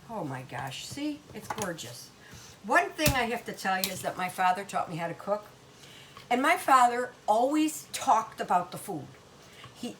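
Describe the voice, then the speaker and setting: A woman's voice: fairly high pitch, very noisy. An older woman hosting a home cooking demonstration in her kitchen, talking in a chatty, folksy Italian-American grandmother way.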